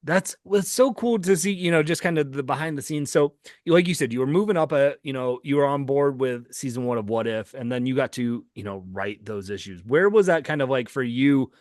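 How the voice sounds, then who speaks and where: A man's voice: mid-range voice, brisk, hardly any pauses, a little mellow, no room sound, clean studio sound. A man hosting a casual interview, asking questions in a friendly, hesitant way full of fillers. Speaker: comic show host, interviewer.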